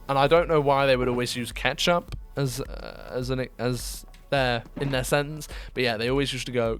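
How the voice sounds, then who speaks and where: A young man with a British accent, talking easily to his stream chat at a middle pitch. He chats loosely, laughs a lot, and his voice shoots up when something surprises him. Faint music plays underneath. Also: fairly even intonation, moderate pace, hardly any pauses, fairly bright tone. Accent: British English. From United Kingdom. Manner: chatty, laughs often, bursts into high-pitched disbelief. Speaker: livestreamer. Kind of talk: casual chat with stream viewers.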